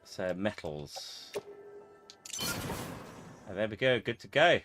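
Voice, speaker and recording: A man's voice: fairly low pitch, big pitch swings, slow, music in the background. A man chatting casually with viewers while playing a game on a live stream, greeting people and muttering to himself.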